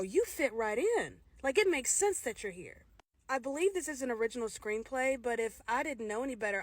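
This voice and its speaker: A woman's voice: a little high, dry recording. A woman giving a casual, candid spoken review of a film, opinionated and direct, with frequent restarts.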